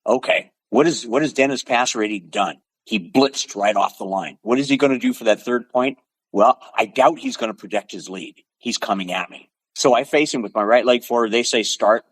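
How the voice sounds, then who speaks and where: A man's voice: on the low side, fairly quick, husky, no echo, poor audio. Older man telling punchy stories. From Pacific Northwest, USA. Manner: animated, punches stories with sound effects. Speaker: podcast guest. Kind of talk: storytelling in conversation.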